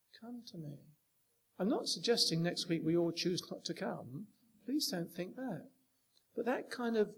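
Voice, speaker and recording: A man's voice: sits high, breathy edge. A man preaching a sermon, talking with emphatic rises and frequent rhetorical questions to the congregation.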